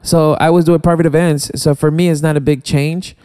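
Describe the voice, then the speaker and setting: Mellow, smooth man speaking haltingly. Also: fairly high pitch, little pitch movement. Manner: halting, many restarts and "you know". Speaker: guest DJ. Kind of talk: casual studio chat. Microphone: studio mic.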